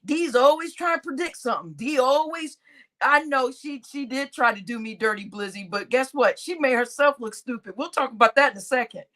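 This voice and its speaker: High, animated woman gossiping on a livestream. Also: fairly quick. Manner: animated, laughing often, loud exclamations. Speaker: livestream host. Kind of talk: casual gossip chat.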